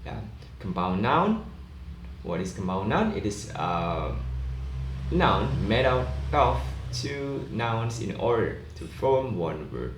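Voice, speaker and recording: A man explaining an English pronunciation lesson in a slow, measured way, pausing on fillers as he goes. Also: on the low side, big pitch swings. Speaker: lecturer. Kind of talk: recorded lesson explaining rules. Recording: echoey room, faint background noise.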